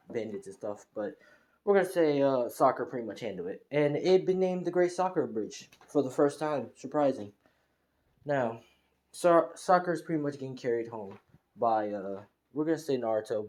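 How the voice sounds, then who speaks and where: A man's voice: mid-range voice, darkish tone. A man improvising a fan story, rambling along with many restarts and fillers.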